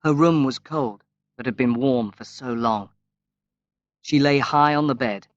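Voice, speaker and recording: A man reading a graded-reader story aloud as audiobook narration, slow and measured with long pauses. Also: mid-range voice, dry recording. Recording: dry, slightly dull lo-fi recording.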